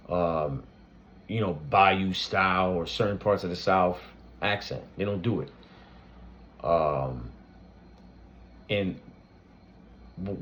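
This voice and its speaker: A man's voice: on the low side, highs cut off. A man hosting his own reaction channel, talking loosely with lots of fillers and restarts. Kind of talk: casual tribute talk to camera.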